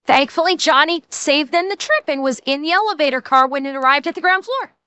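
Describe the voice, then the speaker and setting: A woman's voice: high-pitched, fairly quick, bright, forceful tone, no room sound. A woman streamer giving casual, crude and mocking reaction commentary, swearing freely.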